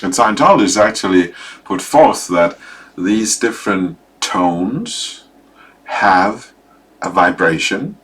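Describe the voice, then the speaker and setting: Slow, hesitant male lecturer. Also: sits low. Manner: hesitant, with many fillers and restarts; animated, acting out examples. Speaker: teacher.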